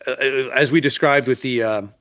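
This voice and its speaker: A man talks in a casual podcast chat, circling back and restarting as he goes. His voice sits at an ordinary middle pitch. The sound is dry and close, with no room echo. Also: steady tone, moderate pace, fairly bright tone. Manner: rambling, frequent restarts, swears freely. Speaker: podcast co-host.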